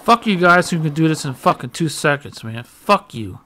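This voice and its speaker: Man, gamer, frustrated muttering, swearing, slightly high voice, sharp tone. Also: animated, normal speed, a little hiss or hum. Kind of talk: let's play commentary.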